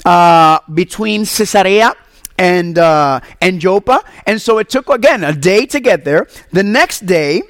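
A man from Puerto Rico preaching a sermon as pastor, animated and asking the congregation questions. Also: high voice, a little slow, no room sound.

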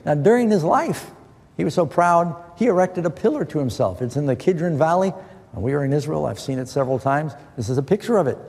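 A man's voice: fairly high pitch, animated, fast, gravelly, a little mellow. A middle-aged male preacher giving a sermon as a Bible study, posing questions and answering them with scripture in an earnest, emphatic way. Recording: long reverb of a large hall.

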